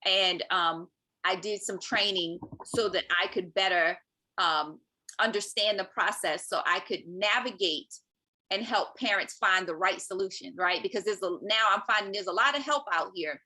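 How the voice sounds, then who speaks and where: A woman speaks as a podcast guest, her voice bright and forward at a middle pitch. She tells her story animatedly and often checks in with a quick "right?". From Maryland, US. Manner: animated, acts out quoted speech, often adds "right?". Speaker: podcast guest, parent advocate. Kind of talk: personal storytelling in conversation.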